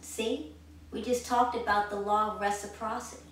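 A woman's voice: medium pitch, steady tone, normal speed, recorded from a distance. Earnest woman preaching in an echoey room. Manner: earnest, repeats phrases for emphasis, swells in volume when exhorting. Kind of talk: spoken sermon.

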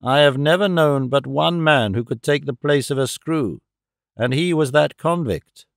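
A man reading the part of a stern police inspector who speaks deliberately, stressing each word. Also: a little high, gravelly, dry recording, studio quality. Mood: cold. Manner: deliberate, emphatic. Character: stern male police inspector, cold and watchful.

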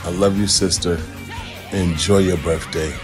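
Deep slow-talking bishop, laughing warmly. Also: male voice, fairly even intonation. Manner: affectionate, laughing, exclaiming. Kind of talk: recorded birthday message. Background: music.

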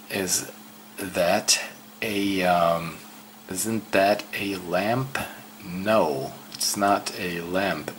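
Slow, low-voiced man. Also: fairly bright tone, a little hiss or hum. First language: Swedish. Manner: hesitant, repeats words aloud slowly. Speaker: language learner. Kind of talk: casual self-study walkthrough.

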